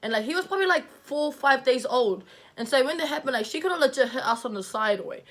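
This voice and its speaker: A woman's voice: high-pitched, lively intonation, fast talker, fairly bright tone. A young woman telling a storytime to camera in a heated, profane, casual way. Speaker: vlogger.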